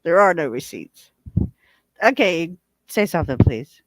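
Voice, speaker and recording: A woman's voice: lowish voice, very animated, unhurried, dry recording, poor audio. A woman chatting casually as a guest on a livestream, playful and teasing and laughing often.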